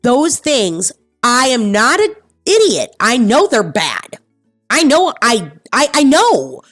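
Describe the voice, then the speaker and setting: A woman's voice: fairly high pitch, wildly swooping pitch, slow pace, fairly bright tone, no room sound, studio quality, soft background music. A woman streamer talking candidly and bluntly in casual chat, swearing freely and repeating herself for emphasis. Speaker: streamer host. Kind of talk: casual personal talk.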